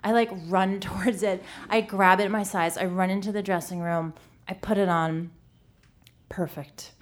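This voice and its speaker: A woman's voice: medium pitch, steady tone, moderate pace. Funny woman in her 30s telling a story on stage, lots of "like", pokes fun at herself. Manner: comic, self-deprecating, lots of "like". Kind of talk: live storytelling.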